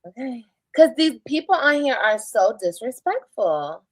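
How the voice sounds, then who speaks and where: Woman, live streamer, defensive, emphatic, repetitive, slightly high, dry. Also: very animated, measured pace, dry recording, poor audio. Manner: defensive, emphatic, repeats herself. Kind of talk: casual live-stream talk.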